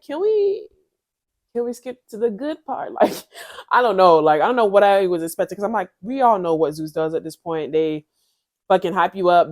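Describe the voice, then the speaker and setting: A woman's voice: medium pitch, darkish tone. A young woman giving a blunt, profane, slangy review of a reality show in a casual vlog.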